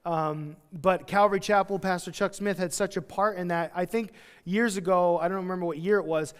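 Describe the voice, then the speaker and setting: High-voiced pastor preaching in a reverberant church. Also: male voice, steady tone, smooth. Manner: conversational, self-deprecating asides with quick acted quotes. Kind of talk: verse-by-verse sermon. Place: church sanctuary.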